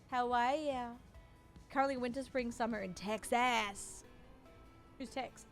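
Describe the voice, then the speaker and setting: A young woman with an Australian accent chats through a live game stream, playful and familiar with her viewers. Her voice sits a touch high. Faint game music plays under her talk. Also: measured pace, pauses often. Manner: chatty and playful, calls viewers doll and babe. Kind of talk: casual live-stream chat while playing.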